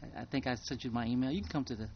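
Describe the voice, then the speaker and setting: A man, a town official, speaking at a council meeting in a measured, hesitant way with frequent ums. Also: mid-range voice, gravelly, highs cut off, slight background noise. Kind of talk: formal meeting talk.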